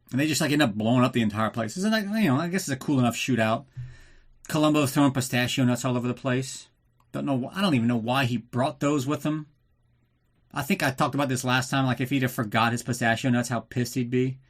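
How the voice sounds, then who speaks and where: A man hosting a podcast, recapping a film in a casual, sarcastic way, swearing often and acting out the characters in jokey voices. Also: mid-range voice. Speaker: podcast host.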